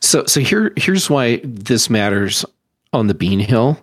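A man co-hosting a podcast, chatting casually and explaining his points in a measured way. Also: medium pitch, very animated, husky, no echo. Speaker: podcast co-host.

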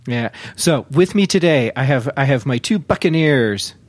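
A man's voice: medium pitch, animated, normal speed, no echo. A man hosting a casual tech podcast, jokey and self-deprecating. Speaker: podcast host.

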